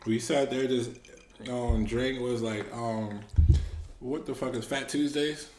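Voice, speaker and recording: A man's voice: mid-range voice, fairly even intonation, slow pace, darkish tone. A man co-hosting a casual chat, joking with profane banter. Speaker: co-host. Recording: echoey room with faint noise.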